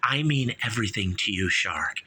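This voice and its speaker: A man's voice: fairly low pitch, sing-song, moderate pace, bright, forceful tone, slightly rough, exaggerated voice. A man voicing a flirtatious woman politician who sweet-talks and makes promises. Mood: coaxing. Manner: coaxing, sweet-talking.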